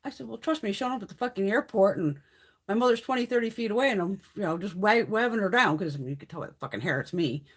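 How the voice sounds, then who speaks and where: A middle-aged woman hosting a casual beauty livestream, telling stories in a profane, animated way. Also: mid-range voice, quick pace, slightly rough.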